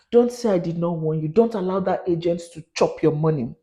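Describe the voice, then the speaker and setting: A woman speaks earnestly to her viewers, pressing her warnings home. Her voice sits a little low and has a mellow, warm tone. The room around her rings with a noticeable echo. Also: normal speed. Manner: earnest, warning, switches into pidgin. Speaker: vlogger. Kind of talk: advisory vlog to camera.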